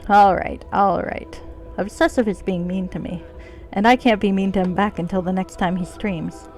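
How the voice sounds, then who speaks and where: A woman's voice: medium pitch, measured pace, pauses often, darkish tone, soft background music. A woman streaming a video game, chatting casually in a playful, joking way and swearing freely. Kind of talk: casual gameplay commentary.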